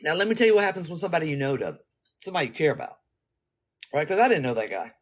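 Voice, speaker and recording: A man talking casually, telling a story in an animated, slangy, rambling way and speaking straight to his listeners. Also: on the high side, rapid-fire.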